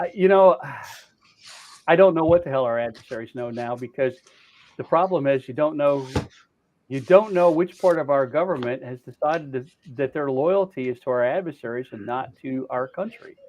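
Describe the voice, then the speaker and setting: A man's voice: fairly high pitch, normal speed, darkish tone, lo-fi sound. An older man talking politics in a blunt, profane rant, with many restarts and repeated words. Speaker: political commentator. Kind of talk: heated political chat.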